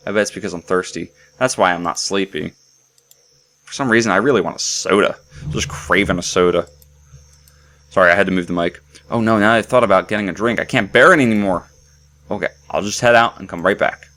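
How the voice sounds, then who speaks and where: A man's voice: sits low, fairly bright tone. A man giving casual, rambling commentary while playing a game and joking with viewers. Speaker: let's play commentator.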